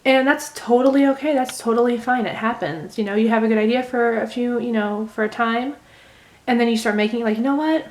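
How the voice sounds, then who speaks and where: Chatty woman with a slightly high voice. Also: steady tone, a little fast. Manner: rambling, gentle, thinks aloud with many fillers. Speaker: crochet vlogger. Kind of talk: casual how-to chat while unraveling knitting.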